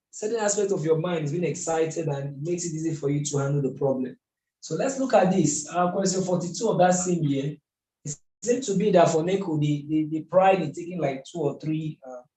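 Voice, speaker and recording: A man's voice: fairly high pitch, dark tone. A man teaching a math lesson at a board, methodical and asking rhetorical questions as he works. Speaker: math tutor. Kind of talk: whiteboard lesson. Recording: echoey room.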